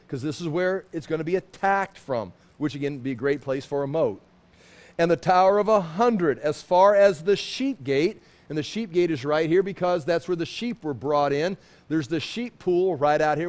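A man's voice: a little high, darkish tone. A middle-aged man teaching a Bible study in a loose, conversational way, pointing out places on a map and often restarting his sentences. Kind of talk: sermon.

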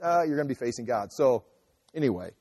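A man's voice: medium pitch, animated, fast talker, dark tone, big-room sound. A man preaching an expository sermon in a church, explaining scripture in a loose, conversational way. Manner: conversational, restarts and asides while explaining scripture. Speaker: pastor.

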